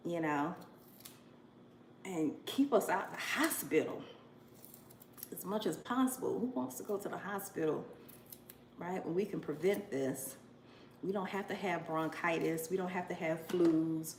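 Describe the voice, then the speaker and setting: A woman's voice: fairly low pitch, a little slow, long pauses, a little hiss or hum. A woman in her forties talking casually to camera, effusive and chatty, often exclaiming with emotion. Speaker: vlogger. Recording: echoey room with faint ambience.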